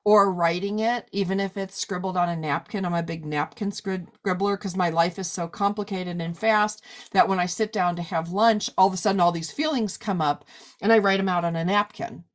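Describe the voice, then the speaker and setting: A woman's voice: on the low side, steady tone, fairly quick. A woman in her forties in a casual conversation, talking loosely with lots of "like" and "you know". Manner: chatty, many fillers like "like" and "you know". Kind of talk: casual chat.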